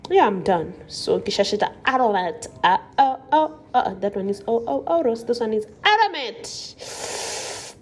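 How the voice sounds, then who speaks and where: In her casual cooking vlog, the young South African host talks playfully to her viewers and wanders into rambling asides as she cooks. Her darkish, mid-range voice is expressive, at normal speed with hardly any pauses.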